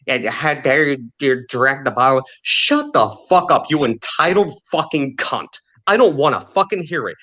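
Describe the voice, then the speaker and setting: Furious cursing man mid-rant. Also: on the high side. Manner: furious, heavily profane, shouting insults. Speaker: podcast host. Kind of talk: angry profane rant.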